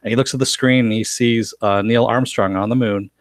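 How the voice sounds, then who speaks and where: A man's voice: medium pitch, steady tone, a little fast, no room sound. A man giving a casual live recap of a TV episode, chatty and often laughing as he retells scenes. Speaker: show reviewer.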